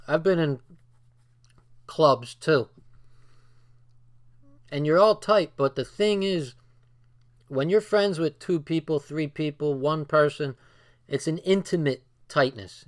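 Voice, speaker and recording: A man casually reading a book aloud and breaking off into loose, swearing asides. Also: fairly high pitch. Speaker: book reader and commentator.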